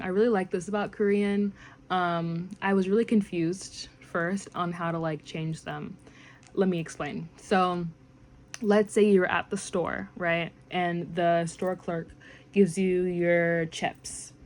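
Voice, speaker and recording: A young woman gives a relaxed, rambling lesson on everyday phrases, leaning on fillers as she talks it through. Her voice sits at a middling pitch and pops up brightly whenever she quotes an example phrase. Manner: chatty, rambling, filler-heavy, animated when quoting phrases. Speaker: language learning vlogger. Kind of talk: casual language lesson.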